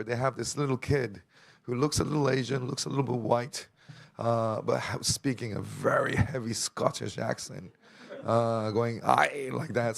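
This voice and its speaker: Halting, gravelly-voiced man giving testimony. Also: on the low side. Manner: hesitant, halting, with many pauses and filler sounds; self-deprecating, chuckles between stories. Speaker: church member giving testimony. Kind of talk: personal testimony at a church service. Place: church service.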